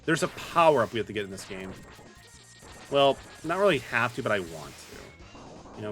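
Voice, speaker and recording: Lively chatty man streaming a game. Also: lowish voice, fairly quick, pauses often. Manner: chatty, talks to chat viewers by name while playing; loose filler-heavy talk with many restarts. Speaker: streamer playing a game live. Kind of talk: casual livestream chat. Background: faint game music.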